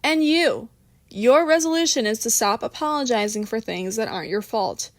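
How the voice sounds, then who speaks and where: A woman's voice: fairly high pitch, expressive, moderate pace, no echo. A woman voicing a bossy, theatrical woman who runs the group game. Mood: commanding. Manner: theatrical, commanding. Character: bossy, warm ringleader woman.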